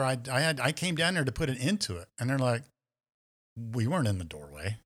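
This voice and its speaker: A man's voice: mid-range voice, a little fast. A man on a podcast telling a story in casual chat, acting out the voices of the people in it. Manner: animated storyteller, acts out quoted voices.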